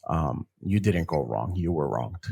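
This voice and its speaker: A man's voice: very deep voice, animated, a little slow, vocal fry, dark tone, a little hiss or hum. A man hosting a podcast in casual conversation, breaking in to affirm his guest. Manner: supportive, affirming interjections. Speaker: podcast host.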